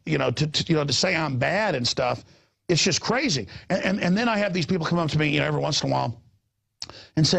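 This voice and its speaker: Husky raspy guy hosting, rambling and stammering, acts out what people said. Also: fairly high pitch, fast talker. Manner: animated, stammering repeats, acts out quotes. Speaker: host. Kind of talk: rambling on-air chat. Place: studio in Austin.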